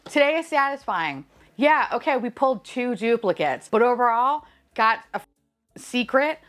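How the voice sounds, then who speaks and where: A young woman vlogging an unboxing in casual chat, excitable, laughing and swearing freely at what she finds. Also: fairly high pitch, normal speed, soft background music.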